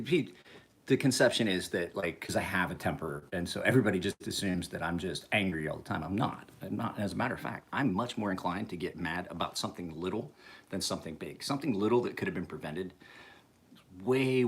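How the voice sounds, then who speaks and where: Man, forties, lowish voice; profane, laughing vlog storyteller. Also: expressive, brisk. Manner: profane, chuckling, rambling storyteller. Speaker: knife sharpener vlogger. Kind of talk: casual rambling monologue.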